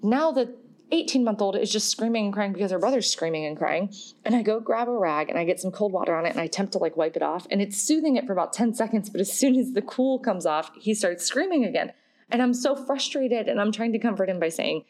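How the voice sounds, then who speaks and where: A woman's voice: mid-range voice, expressive, brisk, darkish tone. Chatty woman telling a mom story. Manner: chatty, self-deprecating, laughs often. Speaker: podcast host. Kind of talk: casual storytelling.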